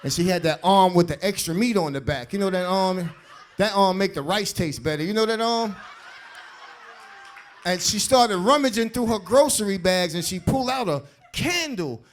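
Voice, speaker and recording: A man doing stand-up comedy on a club stage, telling stories in an animated, streetwise way. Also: sits high, normal speed, slight background noise. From South Bronx, New York.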